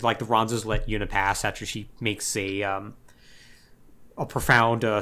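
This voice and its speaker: A man's voice: medium pitch, a bit bright. A young man co-hosting a podcast, recapping a game story in a loose, wry way full of "like". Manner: loose and wry, peppered with "like", mimics characters. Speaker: podcast co-host.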